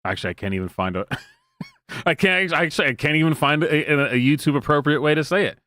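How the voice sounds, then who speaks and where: A man's voice: on the high side, animated, quick pace, bright, forceful tone, dry recording, studio quality. A man hosting a stream, giving casual, joking and sarcastic reaction commentary with many restarts. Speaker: streamer host.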